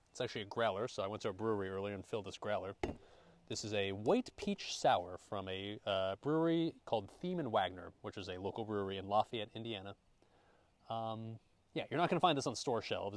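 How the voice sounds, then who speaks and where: A young American man casually chatting and cooking at an outdoor campground, joking, swearing loosely and thanking his chat. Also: on the low side. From United States. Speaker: streamer.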